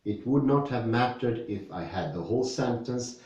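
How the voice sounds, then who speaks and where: A man from Sweden with a Swedish accent, discussing philosophy, reading passages aloud and then explaining them slowly and thoughtfully with personal examples. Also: medium pitch, lively intonation, a little mellow, heavy reverb, recorded from a distance.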